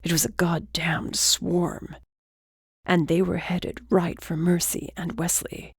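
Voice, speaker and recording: Female audiobook narrator, measured and steady, low register, dry booth sound. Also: husky, no room sound. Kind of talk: scripted narration.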